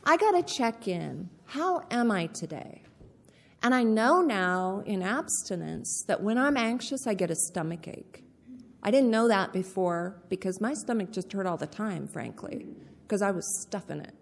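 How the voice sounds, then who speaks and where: Slow candid woman in an echoey hall. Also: medium pitch, lively intonation, vocal fry. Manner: candid, repeats key phrases, slow deliberate delivery. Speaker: speaker sharing her recovery story. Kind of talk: personal testimony talk. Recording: echoey hall with long reverb.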